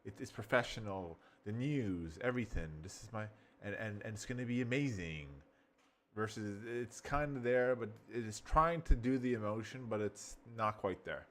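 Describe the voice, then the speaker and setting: A man casually reviewing software while thinking aloud, rambling as he goes. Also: lowish voice, moderate pace. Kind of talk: casual screen-recording review.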